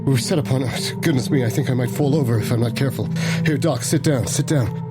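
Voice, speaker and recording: A man role-playing in a tabletop game, talking fast and flustered, repeating himself. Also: medium pitch, over loud music. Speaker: player. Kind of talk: in-character tabletop role-play.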